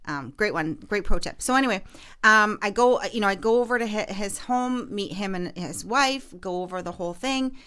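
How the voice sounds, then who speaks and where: A woman's voice: medium pitch, moderate pace, bright, forceful tone, clear, resonant tone. A woman podcast host and realtor telling a story in casual chat, full of fillers and restarts. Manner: chatty, lots of fillers and restarts.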